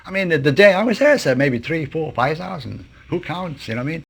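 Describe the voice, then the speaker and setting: An older man reminisces in a gravelly, lively voice that rises and falls as he talks. He speaks reflectively, pausing and restarting as memories return. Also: a little high. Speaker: interviewee. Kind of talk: archival oral history recollection.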